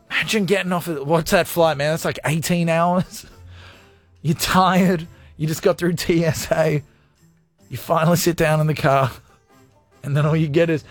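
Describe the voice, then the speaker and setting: A man's voice: a little high, normal speed, no room sound, faint music behind. A man from Australia, hosting a radio show and joking casually with listener comments, swearing freely. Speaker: radio host.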